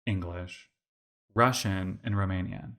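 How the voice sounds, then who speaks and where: Chatty young man, lowish voice. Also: slow. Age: 20s. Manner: rambling, animated, heavy use of "like". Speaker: podcast co-host. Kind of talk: casual storytelling chat.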